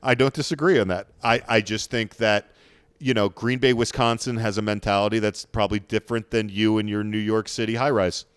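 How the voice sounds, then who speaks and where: A man's voice: lowish voice, fairly even intonation, a little fast, clean tone, dry recording. Man in casual sports banter. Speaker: podcast co-host.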